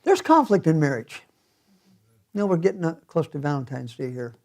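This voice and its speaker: Lively, animated male pastor preaching. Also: fairly high pitch, brisk, vocal fry. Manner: animated storytelling with chuckles. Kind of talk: sermon. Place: church.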